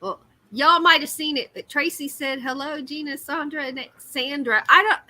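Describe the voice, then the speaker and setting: A woman's voice: sits high, moderate pace, bright, forceful tone, dry recording, low-quality recording. A woman, hosting a casual livestream chat while crocheting, giggly and self-deprecating. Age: 50s. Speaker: livestream host.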